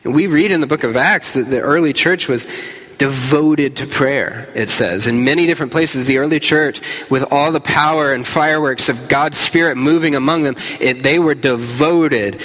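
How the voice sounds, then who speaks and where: A man's voice: a little high, brisk, few pauses, a bit bright. A man preaching a sermon as pastor, earnest and conversational. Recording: hall reverb.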